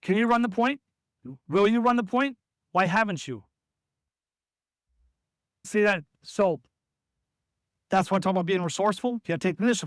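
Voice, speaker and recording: High-voiced man coaching basketball drills. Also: fairly quick, pauses often, fairly bright tone, no room sound, clean studio sound. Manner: instructive, calls out drills, acts out player calls. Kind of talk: coaching at practice.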